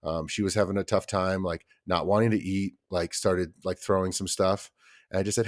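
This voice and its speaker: A man's voice: low-pitched, normal speed. A man in his thirties, a podcast co-host chatting casually and acting out his children's voices as he tells stories. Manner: animated storyteller, acts out his kids' voices. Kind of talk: casual chat.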